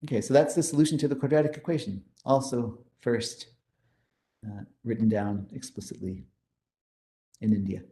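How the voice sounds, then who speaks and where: A man lecturing on mathematics in a mellow, darker voice. He explains each step with enthusiasm and walks through formulas. The sound is roomy, with a noticeable echo. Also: mid-range voice, fairly even intonation, normal speed, pauses often. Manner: explanatory, enthusiastic, pointing to slides. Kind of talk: math lecture.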